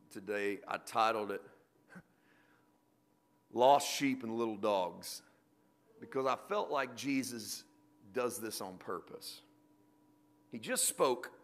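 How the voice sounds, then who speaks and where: A man preaching a sermon to a congregation, swinging from loud, emphatic points to quiet, joking asides. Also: medium pitch. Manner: jokey, self-deprecating with the congregation.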